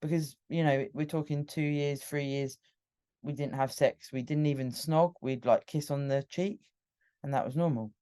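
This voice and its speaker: A British woman talks through her own story on a solo podcast, candid and emotional, sometimes restarting her sentences. Her voice is warm and mellow rather than bright. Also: deep voice, fairly even intonation, normal speed. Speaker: podcast host. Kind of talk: personal storytelling monologue.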